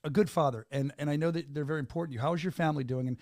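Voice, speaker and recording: An upbeat male podcast host who talks fast and pushes the energy like a hype man. His voice sits a bit high for a man. The sound is dry and close. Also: a little mellow, no room sound. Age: adult with two children. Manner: upbeat hype-man talk, quick and repetitive. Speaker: podcast host and fight announcer. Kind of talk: casual interview chat.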